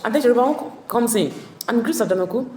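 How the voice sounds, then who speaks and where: Woman literature tutor summarizing a play, halting with fillers, echoey room. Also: fairly high pitch, expressive, a little mellow, slight background noise. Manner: hesitant, many fillers and comprehension checks. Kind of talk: exam-prep plot summary. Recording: echoey room with long reverb.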